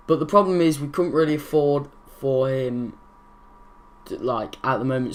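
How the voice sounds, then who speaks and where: A young man hosting his gaming channel, casually commenting over football game footage, rambling and correcting his own slips. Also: medium pitch.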